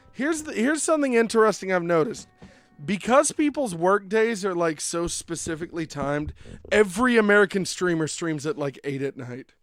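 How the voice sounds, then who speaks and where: Young male streamer, slightly high voice, loose joking ramble, soft game music in the background. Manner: rambling, joking, many fillers. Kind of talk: casual chat while streaming a game.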